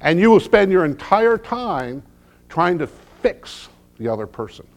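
Middle-aged male pastor preaching; lively, unhurried delivery, humorous storytelling, hushed lows and emphatic peaks. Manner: swings from hushed low lines to loud emphatic peaks. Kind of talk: sermon.

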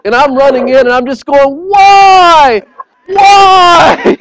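High-voiced preacher. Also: male voice, a little fast, some chatter behind, rough recording. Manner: animated storyteller, repeats words and phrases; earnest, appeals directly to listeners. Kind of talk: sermon.

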